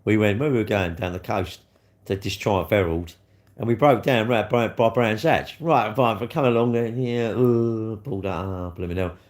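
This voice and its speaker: Middle-aged bloke, rambling live stream chat, lowish voice, swears a lot, answers comments. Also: male voice, moderate pace. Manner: chatty, rambling, swears freely, reads and answers viewer comments. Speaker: livestreamer.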